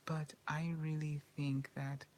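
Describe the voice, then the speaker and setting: A woman's voice: deep voice, flat delivery, slow, a little mellow, a little hiss or hum, low-quality recording. A woman vlogger in a whispered personal monologue, talking in a rambling, repetitive and anxious way.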